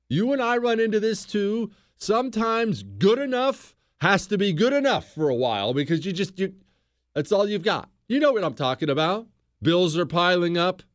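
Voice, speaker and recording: A man hosting a history talk show, telling the story in a casual, animated way on a close studio mic. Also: high-pitched, no echo. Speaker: host.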